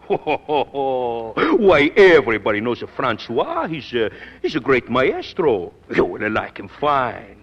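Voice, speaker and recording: An actor playing a fond older Italian singing teacher who speaks broken English with an Italian accent, emotional and hesitant, in a 1940s radio drama. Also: male voice, medium pitch, slightly rough, lo-fi sound, heavily acted. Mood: encouraging. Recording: scratchy 1940s radio recording.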